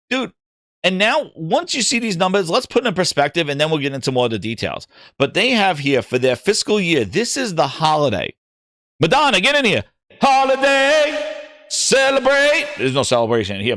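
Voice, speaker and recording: A man running a gaming livestream, riffing on chat and slipping into mocking voices. His pitch sits a little high and jumps around a lot. The sound is dry, with no room around it. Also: a little fast, no room sound. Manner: animated, joking, does mocking voices. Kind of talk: livestream commentary, reading chat.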